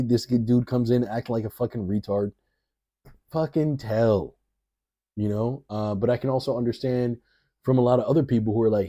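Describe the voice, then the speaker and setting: A man's voice: mid-range voice, mellow. A man reacting to a video in casual, rambling commentary, swearing freely and often laughing as he talks.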